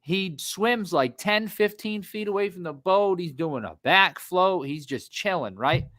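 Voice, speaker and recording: A podcast host from Rhode Island, telling stories in an animated way and swearing freely. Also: male voice, high-pitched, a little slow. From Rhode Island, USA. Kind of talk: casual podcast chat.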